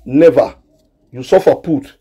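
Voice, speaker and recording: A man's voice: medium pitch, measured pace, mellow, husky. A man from Nigeria with a Nigerian Pidgin accent, giving a scolding commentary that speaks straight to the people he criticizes and repeats himself for emphasis. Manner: scolding, repetitive, direct address. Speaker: gossip commentator. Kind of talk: ranting commentary.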